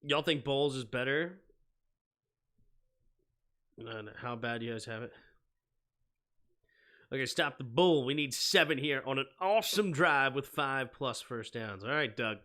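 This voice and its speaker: Brief: young male streamer, very bright tone, excitable play-by-play, banter between downs. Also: mid-range voice, a little slow, long pauses. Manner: excitable, rises to shouting on big plays. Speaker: sports stream host and play-by-play caller. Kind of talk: live play-by-play and casual chat.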